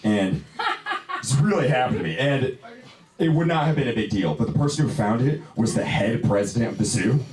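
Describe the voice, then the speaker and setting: A man's voice: mid-range voice, lively intonation, a little fast. A young man doing a stand-up comedy set in a small lounge, rambling in a laid-back way with plenty of "dude" and "you know". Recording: echoey club, distant mic, loud crowd.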